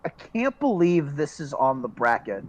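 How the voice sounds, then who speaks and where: A man hosting a casual panel chat, talking haltingly with many ums and restarts. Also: a little high, sing-song, low-quality recording. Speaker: podcast host.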